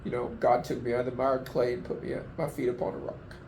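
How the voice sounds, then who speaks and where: A man tells his story in an interview with a mellow, darker voice, speaking in a heartfelt and halting way as emotion breaks through. His voice rings in a roomy, echoing space. There is a faint wash of background noise behind him. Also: medium pitch, level tone. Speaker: flood survivor giving testimony. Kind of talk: interview testimony.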